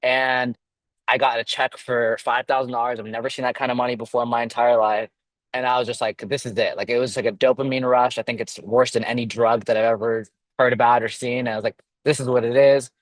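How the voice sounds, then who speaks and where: A young man in his twenties tells a story in a relaxed, lively way, slipping into quoted dialogue. His voice sits in a middle register. The sound is dry and close, with little room around it. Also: mid-range voice, fairly quick, no room sound. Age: 20s. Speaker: real estate agent guest. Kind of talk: casual storytelling.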